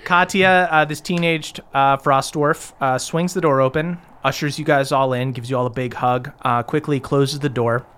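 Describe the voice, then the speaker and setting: A man running a tabletop game as game master, narrating in a relaxed way with many fillers. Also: medium pitch, normal speed, smooth.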